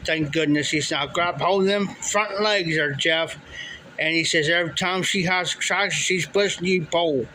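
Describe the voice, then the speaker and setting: A man's voice: a little high, moderate pace, bright, forceful tone, a little hiss or hum, rough recording. A man casually telling a long story, rambling and repeating "he says" and "I said" as he quotes people. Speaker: livestream storyteller. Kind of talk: casual spoken anecdote.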